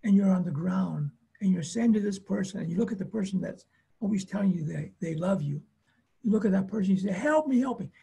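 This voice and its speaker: A man with a very husky, breathy voice and a soft, mellow tone, speaking as a therapist in a webinar. He talks plainly and tells stories, driving each point home by repeating it. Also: high voice, a little fast. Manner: emphatic, repetitive phrasing with acted-out quotes; plainspoken storytelling. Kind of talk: webinar talk on family conflict.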